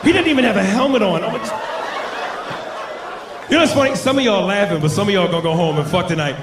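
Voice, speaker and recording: A man doing a profane stand-up comedy routine with loud impressions on a club stage. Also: high voice, fast. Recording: live club with loud crowd and noise. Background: audience laughter.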